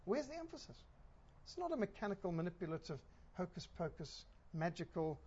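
Husky woman preaching emphatically. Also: fairly low pitch, very animated, brisk, a little mellow, muffled recording. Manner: emphatic, with rhetorical questions. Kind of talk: sermon.

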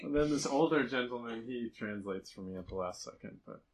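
A man's voice: medium pitch, fairly quick, poor audio. Laughing man telling mission stories. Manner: storytelling, animated, laughs often. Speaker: mission trip speaker. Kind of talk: casual slideshow talk to a church group.

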